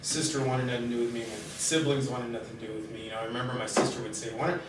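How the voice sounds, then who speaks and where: A middle-aged man telling his own life story in a halting, candid way, with many pauses and fillers. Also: mid-range voice. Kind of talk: personal storytelling in conversation. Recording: very echoey room, distant mic, steady background noise.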